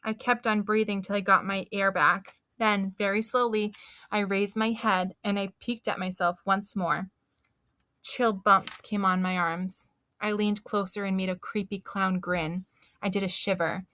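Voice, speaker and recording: A woman reading a children's book aloud in an expressive, animated storytelling manner. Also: medium pitch, a little slow, dry recording.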